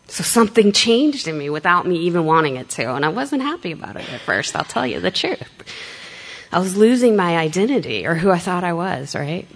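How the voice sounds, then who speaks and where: A woman's voice: fairly low pitch, moderate pace, fairly bright tone. Blunt, self-mocking woman telling her story. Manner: blunt, self-mocking, swears freely, acts out quoted dialogue. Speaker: speaker sharing a recovery story. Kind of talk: candid storytelling talk.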